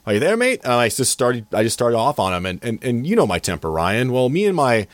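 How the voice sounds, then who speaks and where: A man's voice: mid-range voice, very animated, fairly quick, no room sound. A man in his forties, a podcast co-host, telling a profane, rambling story full of restarts in casual chat. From Eastern Washington, USA.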